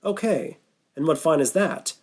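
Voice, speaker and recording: A man's voice: a little high, expressive, measured pace. A man voicing a weary, sarcastic young woman in an audiobook, teasing a phone scammer. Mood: mocking. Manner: dry, mocking.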